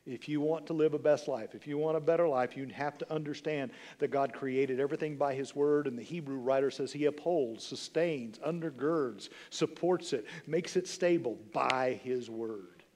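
A man's voice: medium pitch, normal speed, hardly any pauses, darkish tone, big-room sound. Emphatic man in his sixties preaching. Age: 60s. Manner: emphatic preaching with repetition and rhetorical questions. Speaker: pastor. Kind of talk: sermon. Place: church sanctuary.

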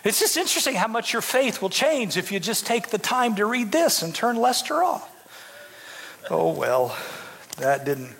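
A man's voice: high voice, very animated, normal speed, creaky, fairly bright tone, husky, big-room sound. A man, a bishop, preaching a sermon in a folksy, dramatic storytelling way with joking asides to his congregation.

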